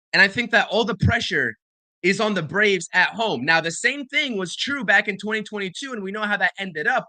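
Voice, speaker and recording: A man's voice: high-pitched, sharp tone, no room sound. A man co-hosting a sports talk show, arguing his point emphatically. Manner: emphatic, argumentative. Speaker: podcast co-host.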